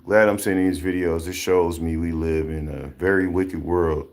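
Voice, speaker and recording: A man's voice: sits low, moderate pace. A man, giving casual, preachy commentary, repeating himself and firing rhetorical questions. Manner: animated, repetitive, rhetorical questions. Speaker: commentary vlogger.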